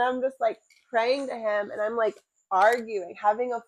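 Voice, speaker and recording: A young woman co-hosting a podcast, telling stories with animated energy and frequent swearing. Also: on the high side, normal speed, few pauses, no echo, rough recording. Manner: animated storytelling, often swearing and laughing. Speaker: podcast co-host, fighter's wife. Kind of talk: casual chat.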